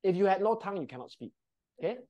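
A woman's voice: medium pitch, lively intonation, very fast, dark tone, lo-fi sound. A woman leading a live presentation workshop, giving upbeat instructions and often checking in with the group. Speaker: voice and presentation trainer. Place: training room with a group.

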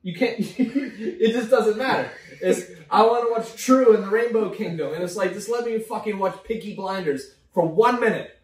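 Guy cohosting a drinking podcast, high-ish voice, cussing, roomy echo. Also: normal speed, few pauses, a little mellow, recorded from a distance. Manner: profane, ranting. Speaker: podcast co-host. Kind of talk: casual drinking chat.

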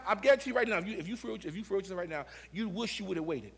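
A middle-aged male pastor preaching a Sunday sermon in a church, repeating words and moving from low musing to shouted preaching. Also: expressive, racing, vocal fry. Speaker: senior pastor. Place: church sanctuary.

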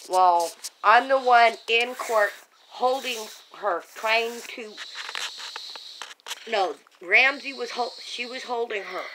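A woman tells her own story into a home camera held by a family member, rambling in an agitated, insistent way with many restarts. Her voice is medium-pitched and a bit bright, and the poor recording carries slight background noise.

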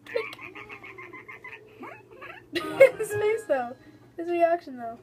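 High-voiced excitable young woman gamer. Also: drawn-out words, noisy background. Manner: excitable and giggly, talks to viewers. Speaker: gaming video host. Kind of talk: let's-play game commentary.

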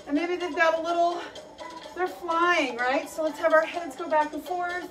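A young woman with a high voice leads a playful animal workout, chatty and encouraging. She sounds a little distant from the microphone. Faint music plays underneath. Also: fairly even intonation, moderate pace, fairly bright tone. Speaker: fitness instructor. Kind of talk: leading a kids' animal workout.

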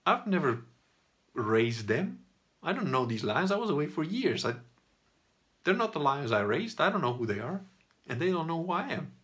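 A man's voice: on the high side, sing-song, normal speed, long pauses, a bit bright. A middle-aged man telling a personal story in a casual monologue, rambling and swearing, laughing as he goes and acting out what people said. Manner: rambling, profane, laughs as he talks, acts out quotes.

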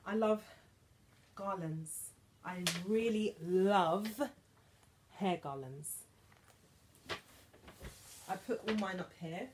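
A woman's voice: mid-range voice, slow, long pauses, noisy background. A woman, chatting casually through a shopping haul with giggly, emotional asides. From England. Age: 30s. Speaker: vlogger.

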